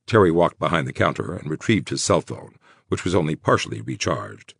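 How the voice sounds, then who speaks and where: Male audiobook narrator, deep husky voice, lively intonation. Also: brisk, no room sound, clean studio sound. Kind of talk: scripted horror novel narration.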